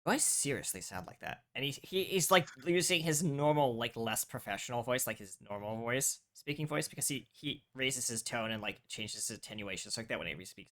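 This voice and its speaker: A man narrating as game master of a tabletop role-playing game, halting and full of restarts. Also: mid-range voice, animated, a bit bright.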